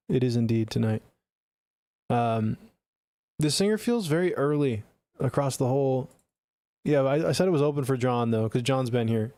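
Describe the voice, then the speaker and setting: A man's voice: medium pitch, a little mellow, dry recording. A man streaming live, giving blunt, profane, chatty feedback on listeners' songs into a close studio mic. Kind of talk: casual live-stream critique.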